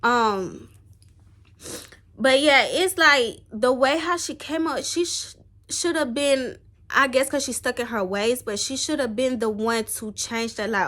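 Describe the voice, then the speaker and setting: A woman's voice: on the high side, a little slow, pushed and bright. A young woman talking to the camera in a rambling, heartfelt personal vlog. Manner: rambling, heartfelt, tearful at times. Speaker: vlogger.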